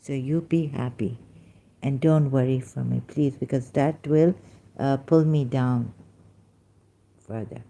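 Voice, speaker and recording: A woman vlogger speaking in an earnest, halting personal monologue, pleading with her viewers. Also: rumbling low, vocal fry, dark tone.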